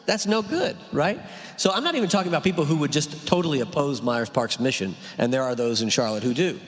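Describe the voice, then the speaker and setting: A man's voice: medium pitch, fast talker. A male pastor, talking through a sermon in a conversational way, full of rhetorical questions and "right?". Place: church hall. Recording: long hall reverb.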